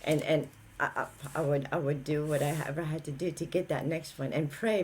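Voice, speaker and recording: A woman's voice: low-pitched, fairly even intonation, moderate pace, a little mellow, slightly rough. A woman guest sharing her recovery story in an emotional, stammering way. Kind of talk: personal testimony.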